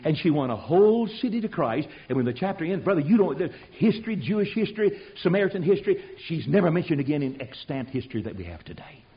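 Animated folksy preacher, lo-fi recording. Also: male voice, fairly high pitch, fast talker, few pauses. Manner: folksy storytelling, swings from loud to hushed. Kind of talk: animated sermon with acted-out voices. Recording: dull lo-fi sermon recording.

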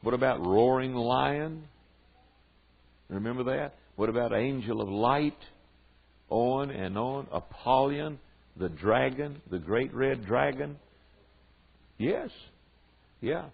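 Older Southern preacher, husky, tinny recording. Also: male voice, medium pitch, expressive. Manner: drawn-out emphatic delivery with folksy asides. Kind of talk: sermon teaching to men.

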